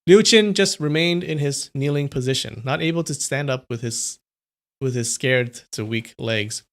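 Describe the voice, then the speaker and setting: A man's voice: medium pitch, moderate pace. Man reading a martial arts novel aloud. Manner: steady reading with small restarts and corrections. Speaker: reader on a livestream.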